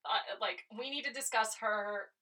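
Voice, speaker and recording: A woman's voice: a little high, moderate pace. A young woman co-hosting a podcast, chatting casually with lots of laughter and quoted reactions. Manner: giggly, animated retelling with quoted reactions. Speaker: podcast co-host. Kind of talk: casual chat.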